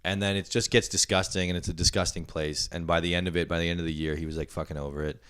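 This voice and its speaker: A man's voice: low voice, flat delivery, fast, a bit bright, smooth, dry recording, studio quality. A young man hosting a podcast, telling rambling stories full of swearing in casual chat. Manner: profane, rambling storyteller. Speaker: podcast host.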